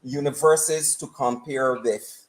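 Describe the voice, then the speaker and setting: A man's voice: medium pitch, takes it slowly. A man lecturing firmly in a live-stream debate, cutting in with repeated refusals. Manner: firm, lecturing, cuts in with repeated no.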